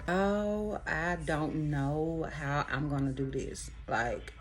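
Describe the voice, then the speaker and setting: A woman's voice: deep voice, takes it slowly. A woman vlogger recording her intro over and over, then fretting about getting it right. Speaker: beauty vlogger. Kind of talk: vlog intro takes.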